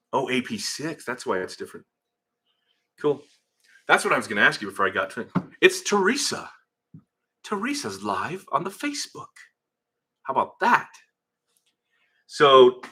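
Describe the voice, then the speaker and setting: A middle-aged man with a bright, forceful, medium-pitched voice hosts a casual livestream from his garage. Speaking into a phone camera, he rambles while reading viewer comments out loud.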